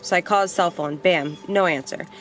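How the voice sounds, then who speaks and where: A young adult woman vlogger telling a personal story in a casual, animated way, blunt and quick to swear. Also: lowish voice, soft background music.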